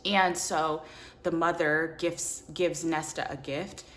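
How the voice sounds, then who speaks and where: A woman reviewing a book in an animated, casual way, full of "like" and quick acted-out character lines. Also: deep voice, slight background noise. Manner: animated, filler-heavy, acts out characters' lines.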